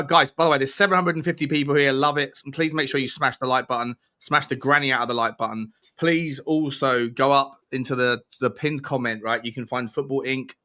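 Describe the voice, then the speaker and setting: A young man hosting a livestream, energetic and rambling with restarts. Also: mid-range voice. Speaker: livestream host. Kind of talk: casual livestream chat.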